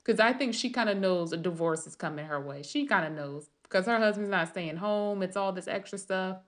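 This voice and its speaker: A woman's voice: mid-range voice, fairly quick. A woman writer rambling through a casual late-night monologue, thinking aloud with many restarts and trailing thoughts.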